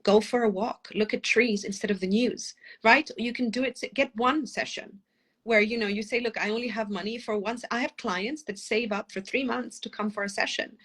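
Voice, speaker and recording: Despite having a cold, this middle-aged parenting coach, once a lawyer and now living in London, talks fast and passionately through a podcast interview, wandering into tangents. Her voice is on the high side, a bit bright and slightly rough.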